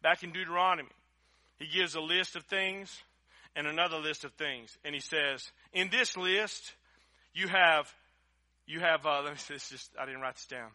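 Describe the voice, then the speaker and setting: A pastor preaching to his church, his fairly high voice bright and forceful. He talks folksily and straight to the congregation, building to loud emphasis and then dropping to hushed, close appeals. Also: moderate pace. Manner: folksy, conversational, with direct address to the congregation. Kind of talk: sermon. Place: church service.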